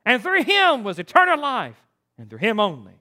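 A man's voice: very high voice, huge pitch swings, normal speed, bright, forceful tone. A man preaching a sermon as pastor, emphatic and preachy, with stammered restarts.

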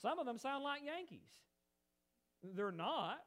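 A man preaching a sermon in a high voice that swings up and down with emphasis. He talks animatedly, stressing points and turning to chat with his congregation. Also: sing-song, slow pace, fairly bright tone. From United States. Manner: chatty asides to the congregation.

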